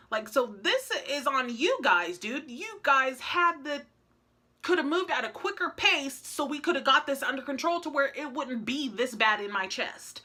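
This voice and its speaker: A woman vlogger recounts her week in a loose, chatty ramble, leaning on fillers as she goes. Her voice sits bright and a touch forward, and she slips into the voices of the people she quotes. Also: a little high, moderate pace. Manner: acts out conversations in quoted voices. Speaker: family vlogger. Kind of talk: casual storytelling to camera.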